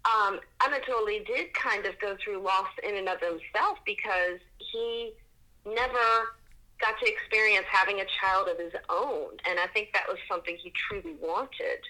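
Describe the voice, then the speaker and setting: A woman's voice: medium pitch, normal speed, sharp tone, low-quality recording. A woman co-hosting a podcast in casual chat, speaking in a reflective, thoughtful way. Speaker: podcast co-host.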